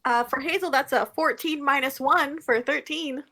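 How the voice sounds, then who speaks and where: A woman playing in a tabletop game, playful and drawn-out in her speech. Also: high-pitched, sharp tone. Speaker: player. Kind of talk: casual tabletop play.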